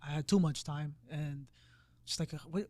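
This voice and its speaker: A man co-hosting a casual podcast, talking in a rambling, halting way with many restarts. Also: a little high, steady tone, a little mellow, dry recording. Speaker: podcast co-host. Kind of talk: casual conversation.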